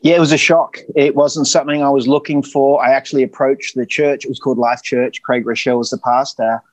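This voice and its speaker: A man with an Australian accent tells his story as a guest pastor. He talks in a middle register with a lively, joking energy, tumbling over repeated words when excited. The sound is close and dry, with no room around it. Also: mid-range voice, brisk, no echo. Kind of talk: casual interview storytelling.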